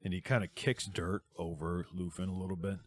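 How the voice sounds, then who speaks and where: A man narrating as game master of a tabletop game, describing the action in a lively way. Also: sits low, a little fast, no echo, clean studio sound.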